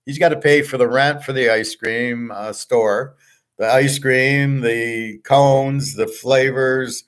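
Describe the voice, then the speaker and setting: Middle-aged guy ranting on his livestream, swears a lot, blunt, medium pitch. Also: fairly even intonation, slow pace. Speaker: host of a live show. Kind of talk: ranting live stream monologue.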